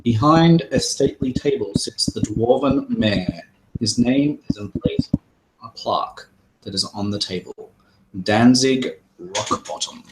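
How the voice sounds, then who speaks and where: A man's voice: on the low side, expressive, moderate pace, very noisy. A man running a tabletop game as game master, describing scenes loosely with many fillers.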